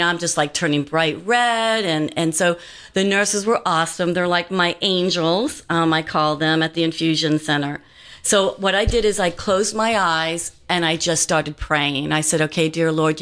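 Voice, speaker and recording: Earnest woman telling a personal story. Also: fairly low pitch. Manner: earnest storytelling with many fillers and restarts. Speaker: guest. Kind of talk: personal testimony in casual talk.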